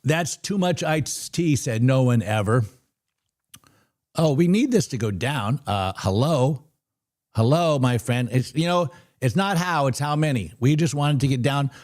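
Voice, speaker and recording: A man hosting a live trading stream, ranting bluntly and getting excited as he calls trades. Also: medium pitch, a little slow. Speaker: livestream trading host. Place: trading desk.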